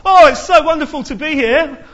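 A man's voice: very high-pitched, a little fast, fairly bright tone, lo-fi sound, pitched above the performer's own voice. A man voicing an overexcited male disciple who gushes and blurts out his ideas in breathless exclamations. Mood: gushing.

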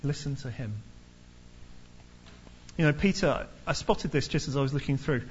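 A man preaching a sermon in a lively storytelling manner, acting out the people in the story. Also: a little high, fast, dull audio, a little hiss or hum. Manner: lively storytelling, acts out characters.

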